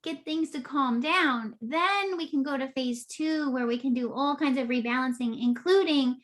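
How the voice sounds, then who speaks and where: A woman guest on a health podcast, briskly explaining her approach in steps. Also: sits high. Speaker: guest author and naturopathic doctor. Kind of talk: explanatory interview talk.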